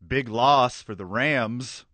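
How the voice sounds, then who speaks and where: A man's voice: mid-range voice, slow pace, sharp tone, no echo. A man hosting a sports radio show, joking and bantering with his co-host. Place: radio studio. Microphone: studio microphone.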